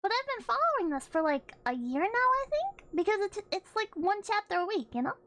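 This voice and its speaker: A woman's voice: extremely high pitch, very animated, a little fast, fairly bright tone, dry recording. A woman streamer chatting casually, rambling with frequent laughs and swearing. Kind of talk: casual chat.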